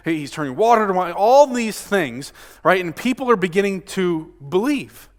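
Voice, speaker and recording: A man's voice: high-pitched, lively intonation, normal speed. Man preaching in a reverberant church. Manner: dramatic swings between loud emphasis and hushed near-murmur; frequent rhetorical "right?" tag questions. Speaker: pastor. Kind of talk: sermon. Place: church sanctuary. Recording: long reverb of a church sanctuary.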